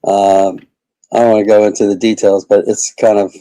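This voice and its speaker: A man's voice: lowish voice, flat delivery, moderate pace, mellow, no echo, rough recording. A man who is a comedian, rambling casually as a guest in an interview. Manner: rambling, chatty, lots of fillers.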